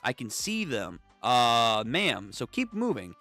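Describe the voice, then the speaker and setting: A young man hosting a live comic read-through, reading all the parts in an animated, casual voice that swears freely. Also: medium pitch, slow pace, hardly any pauses, no echo, faint music behind. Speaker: streamer reading manga.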